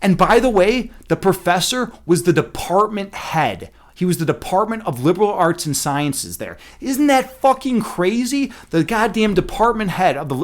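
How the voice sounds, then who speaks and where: A man telling a story in a casual rant, animated and profane, with many fillers and restarts. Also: sits high. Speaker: streamer.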